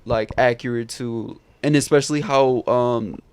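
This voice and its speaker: A man's voice: mid-range voice, fairly even intonation, a little slow, a little hiss or hum. A young man co-hosting a podcast, chatting casually and swearing now and then while he explains details. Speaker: podcast co-host.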